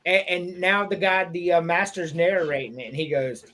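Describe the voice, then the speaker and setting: A man's voice: high voice, normal speed, hardly any pauses. A man co-hosting a casual sports podcast, retelling comedy scenes with lots of swearing and acted-out quotes. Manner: animated storyteller, acts out movie quotes, swears freely. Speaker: podcast co-host. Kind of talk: casual chat.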